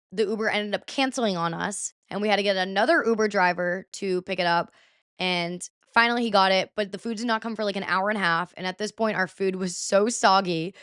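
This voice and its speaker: A young woman tells a weekend story in a loose, chatty vlog style, peppering it with "like". Her voice is smooth and clean. It sits close on a dry mic with no room sound. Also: medium pitch, no room sound. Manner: chatty, animated, heavy use of "like". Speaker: vlogger.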